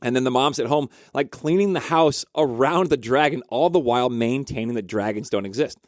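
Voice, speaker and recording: A man of ordinary mid pitch tells a story in a chatty, animated way, with frequent fillers. He sounds like someone who counsels couples. The recording is close and dry. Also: a little fast, dry recording. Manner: animated, conversational, lots of fillers. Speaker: marriage counselor. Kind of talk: casual storytelling.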